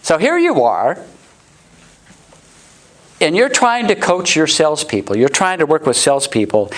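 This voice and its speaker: A middle-aged man giving a sales training talk, acting out customer quotes in high voices. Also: rough recording. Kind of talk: motivational sales talk to a live audience. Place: warm indoor room.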